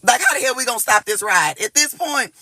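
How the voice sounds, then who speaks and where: A man with a high, very bright voice does a casual tarot reading for his viewers, talking fairly quickly in an animated rush. He swears often and keeps repeating words and phrases. The recording is close and dry.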